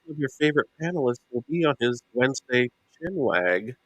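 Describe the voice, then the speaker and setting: A man's voice: mid-range voice, lively intonation, fairly quick, a bit bright. A man hosting a live stream panel, chatting casually and reading out plugs and links in an easygoing way. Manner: easygoing, reads out sponsor and link notes. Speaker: host.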